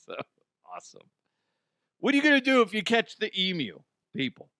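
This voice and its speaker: A man's voice: sits high, wildly swooping pitch, normal speed, pushed and bright. A man hosting a comedic news chat, joking, swearing freely and acting out silly voices. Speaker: host.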